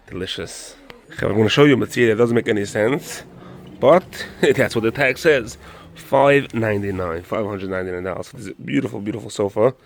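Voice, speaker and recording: A man's voice: on the low side, brisk, vocal fry. A man, walking through a furniture showroom and eagerly praising the sofas and prices for a promotional video. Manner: enthusiastic, repeats "beautiful", mixes in Yiddish words. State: out of breath on the stairs. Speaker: show host doing a store promotion. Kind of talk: walkthrough sales pitch.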